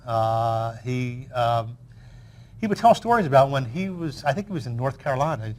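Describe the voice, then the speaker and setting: A man's voice: mid-range voice, lively intonation, normal speed. Older man telling an anecdote. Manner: chatty storyteller, frequent fillers and restarts. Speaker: guest. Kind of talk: reminiscing anecdote in an interview.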